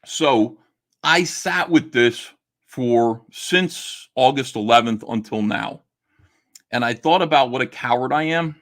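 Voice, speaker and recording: A man's voice: medium pitch, slow pace, fairly bright tone. A middle-aged man, a comic artist and YouTuber, talking to camera in a casual monologue, blunt and indignant, swearing and stumbling over restarts.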